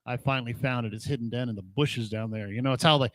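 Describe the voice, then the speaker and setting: A man's voice: medium pitch, quick pace, fairly bright tone, no room sound, studio quality. A middle-aged man with a sarcastic, mocking manner and frequent chuckles, hosting a casual rant about old records. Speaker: podcast host playing old records.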